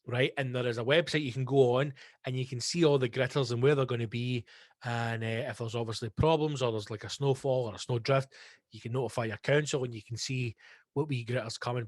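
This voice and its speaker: A Scottish man hosting a casual solo podcast, ranting with lots of swearing in an excitable monologue. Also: medium pitch, dry recording, clean studio sound. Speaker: podcast host. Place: home recording space.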